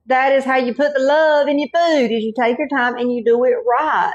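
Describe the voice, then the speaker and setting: A woman's voice: sits high, normal speed, hardly any pauses. Folksy Southern woman cooking. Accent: Southern US, Carolinas. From North Carolina. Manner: folksy, chatty, keeps saying y'all and okay. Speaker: cooking channel host. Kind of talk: home cooking demonstration.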